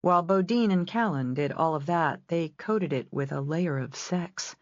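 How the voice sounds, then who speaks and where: A woman with a deep, low voice reads a novel aloud in measured scripted narration. The sound is dry and close, with a slightly dull, muffled tone. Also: dry recording. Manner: measured storytelling reading. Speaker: audiobook narrator.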